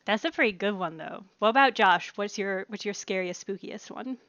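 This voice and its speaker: A woman's voice: medium pitch, a bit bright, dry recording, lo-fi sound. A woman hosting a casual game stream, chatty and upbeat over a headset voice chat. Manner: chatty, upbeat, quick to laugh. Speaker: stream host.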